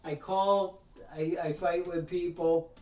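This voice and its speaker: A man with a high voice tells a story in a worked-up, ranting way, putting on the voices of the people in it. He sits back from the mic in a roomy space, so the sound carries some echo. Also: fairly even intonation, slow, mellow, far from the mic. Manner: ranting storyteller, acts out other people's lines. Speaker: podcast host. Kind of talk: casual podcast chat.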